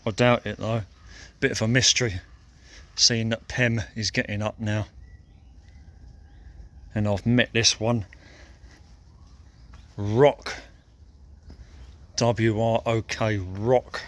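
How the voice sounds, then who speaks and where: A man vlogging as he walks outdoors by a lake, thinking aloud in a slow, musing way and noting that he feels a bit sore. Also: fairly low pitch, flat delivery, a bit bright. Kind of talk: casual walking commentary.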